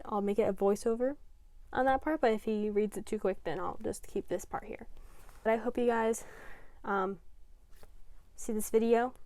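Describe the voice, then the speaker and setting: A woman's voice: mid-range voice, darkish tone, clean tone, no echo. A young adult woman vlogging casually, rambling and emotional with lots of fillers. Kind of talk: casual vlog chat.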